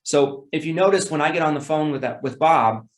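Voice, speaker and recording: A man's voice: on the high side, brisk, reverberant. A man teaching sales calls in a casual, repetitive way, acting out phone scripts in an upbeat tone. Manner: demonstrates phone scripts with bright, excited tones; casual, repeats words, self-corrects. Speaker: sales trainer. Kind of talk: sales training talk.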